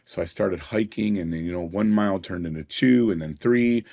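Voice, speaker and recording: A man's voice: low-pitched, fairly quick, gravelly, dark tone. A middle-aged man, a podcast guest, telling personal stories in an earnest way and chuckling now and then. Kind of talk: personal storytelling in a conversation.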